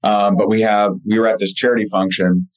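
A man's voice: lowish voice, little pitch movement, fairly quick, poor audio. A man speaking as an interview guest, telling personal stories earnestly with many fillers and restarts. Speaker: podcast guest and author. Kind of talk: casual interview storytelling.

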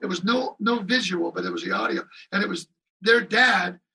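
A man telling drumming anecdotes in an interview, excitable and animated, acting out other people's lines and singing drum beats. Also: high voice, moderate pace, gravelly, breathy edge, far from the mic, low-quality recording. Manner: lively anecdotes with voiced impressions and drum sounds. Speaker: guest drummer.

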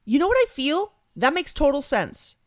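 A young woman co-hosting a podcast in casual chat. She talks in an animated, chatty way and fills her speech with many fillers. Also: high voice, moderate pace, no room sound, clean studio sound.

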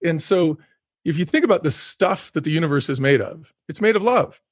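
A man's voice: on the high side, lively intonation, a little fast, dry recording, studio quality. A middle-aged man talking earnestly in a reflective conversation, repeating phrases for emphasis and laughing easily. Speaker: guest, former company executive.

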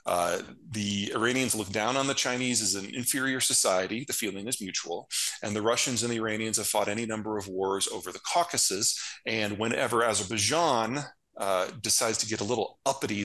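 A man's voice: lowish voice, a little fast, pushed and bright, low-quality recording. A man, a geopolitical strategist being interviewed, explaining world affairs in a blunt, emphatic, matter-of-fact way. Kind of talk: casual analytical interview talk.

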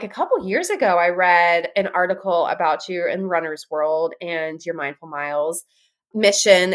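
A woman hosting a running podcast, chatting casually in an animated way and laughing often. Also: fairly low pitch. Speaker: podcast host. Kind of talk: casual interview chat.

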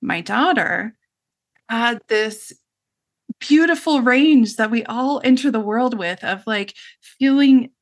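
A woman's voice: a little high, slow. A middle-aged woman, a guest in an interview, telling a personal story in an earnest, reflective way, with frequent fillers like "you know" and "like".

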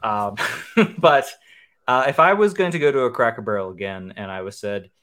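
A man's voice: medium pitch, normal speed, a bit bright. A man in a casual group food review, thinking aloud and chuckling over his verdict.

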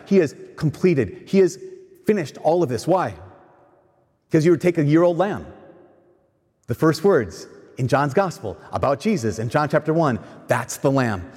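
A man's voice: fairly high pitch, husky. Preacher man in a reverberant hall. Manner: animated, asks the crowd questions and answers them. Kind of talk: sermon.

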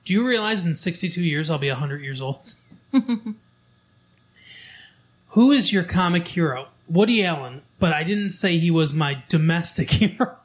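A man hosting a local show, reading from a newspaper in casual chat, halting with fillers and restarts as he goes. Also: fairly high pitch, lively intonation.

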